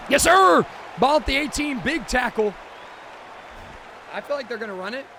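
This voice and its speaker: High-voiced excitable man calling his game. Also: moderate pace, a faint crowd, slight background noise. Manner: excitable, shouts and exclaims at big plays. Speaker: gaming streamer. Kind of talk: excited gameplay commentary.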